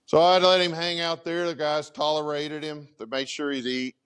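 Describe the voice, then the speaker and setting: A middle-aged fire chief tells a story to a conference audience in a presentation room, speaking at a moderate pace with a clean tone. His keynote is casual and animated, and he acts out dialogue with big swings in pitch.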